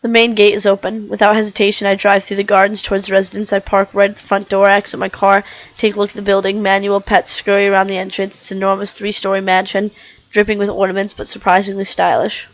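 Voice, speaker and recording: A woman with a mid-range, monotone voice reads a visual novel aloud at a quick pace, voicing a weary, cynical male herbivore dinosaur detective in first person. Her acting is light and the recording is rough. The narration is plain, with small restarts whenever she misreads a word.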